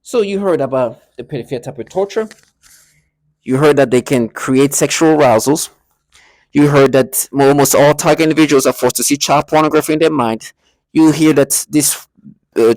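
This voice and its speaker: A man's voice: fairly high pitch, a little mellow, no room sound. A man talking emotionally to camera in an agitated monologue, stammering and repeating words as he goes. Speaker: vlogger.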